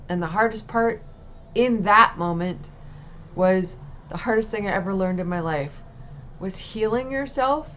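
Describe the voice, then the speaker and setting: A woman speaks to a camera, telling her story in a candid, emotional way with the odd casual swear word. Her voice sits at a middle pitch. A faint background hiss runs beneath it. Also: highs cut off. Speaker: mother sharing a testimony. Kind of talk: personal testimony vlog. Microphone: talking to camera.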